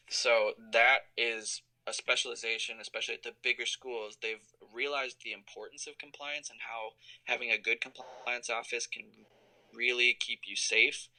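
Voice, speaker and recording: A man's voice: on the low side, gravelly, bright, forceful tone, rough recording. A man in his thirties, an alumnus answering interview questions on a call, explaining things thoughtfully with many fillers. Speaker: college compliance officer, alumni guest. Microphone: call recording.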